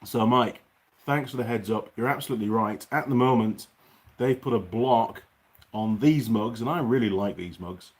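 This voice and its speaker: A man's voice: medium pitch, moderate pace. Chatty male host on a workshop livestream, reads out comments. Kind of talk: casual livestream chat.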